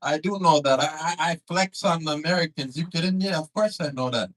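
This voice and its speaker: Teasing comedy club host, higher voice. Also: male voice, brisk, a bit bright, low-quality recording. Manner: teasing, loose and profane. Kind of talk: crowd work and banter.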